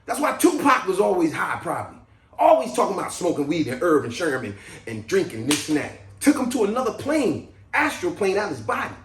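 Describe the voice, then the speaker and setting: Lively man telling a wild story. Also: brisk. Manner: lively, laughing, jumps into high excited voice when quoting himself. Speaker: video creator telling a personal story. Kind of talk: animated storytelling, acting out his own loud outbursts. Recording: roomy echo, from off the mic.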